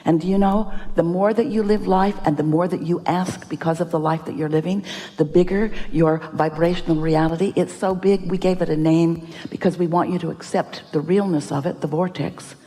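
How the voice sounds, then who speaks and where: A woman giving an inspirational seminar talk, speaking as "we" with emphatic, drawn-out "oh"s and sighs. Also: on the low side, steady tone, mellow, long reverb tail. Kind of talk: live motivational seminar talk.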